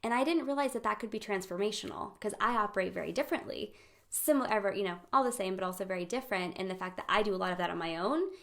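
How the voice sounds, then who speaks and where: A young woman hosting a casual live-streamed talk on friendship, animated, laughing often and acting out quoted voices. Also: medium pitch, very fast, creaky. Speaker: host of a friendship training.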